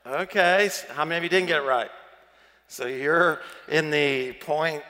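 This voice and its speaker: A man's voice: on the high side, a little slow, sharp tone, in a large hall. A man with a Southern accent preaching a sermon as pastor, chatty and playful, quizzing the congregation.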